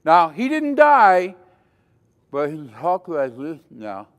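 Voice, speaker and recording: A man's voice: fairly high pitch, huge pitch swings, slow pace, fairly bright tone, highs cut off. An older man giving a dramatic safety lecture at a conference, quizzing the audience as he goes. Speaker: safety trainer. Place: conference hall. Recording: long hall reverb.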